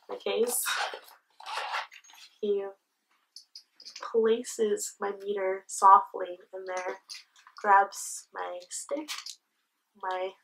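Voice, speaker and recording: A woman's voice: mid-range voice, recorded from a distance, noisy background. A young woman vlogger telling a story casually, swearing freely and acting out the conversations she describes. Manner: candid, swears freely, retells the scene with quoted dialogue.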